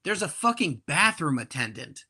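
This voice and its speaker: A young man in his twenties telling a profane, animated story on a casual podcast. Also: fairly high pitch, normal speed, slightly rough. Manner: animated, profane, acts out quoted voices loudly.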